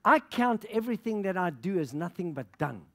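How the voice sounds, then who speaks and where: A middle-aged pastor from Africa preaching with passion. His voice sits high for a man and swings all over the place as he acts out the people in his stories. He laughs between anecdotes. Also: big pitch swings, fairly quick. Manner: passionate storytelling with laughter and quoted dialogue. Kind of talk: sermon.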